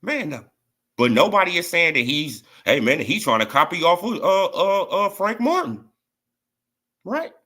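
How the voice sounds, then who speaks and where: In a measured, sing-song delivery, a boxing commentator vlogger rants casually with a high-pitched voice that sounds pushed and bright. He mocks and repeats himself, leaning on "right?" and "you feel what I'm saying."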